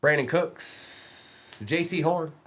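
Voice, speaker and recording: A man hosting a live-stream card break, reading off player names quickly and teasing viewers between bursts of excitement. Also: fairly high pitch, noisy background.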